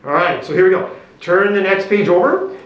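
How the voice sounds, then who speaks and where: A man's voice: high voice, moderate pace, lo-fi sound. A male teacher leading a classroom lesson, upbeat and coaxing, constantly checking in with "okay?" and "right?". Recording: very echoey classroom, distant mic.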